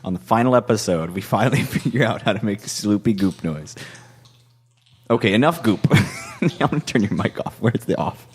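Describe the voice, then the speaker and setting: A man with a low, grounded voice riffs through goofy podcast banter. He keeps poking at the sound effects, and his tone stays playful and loose. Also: expressive, normal speed, a little hiss or hum. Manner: playful, fiddling with sound effects while talking. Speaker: podcast co-host.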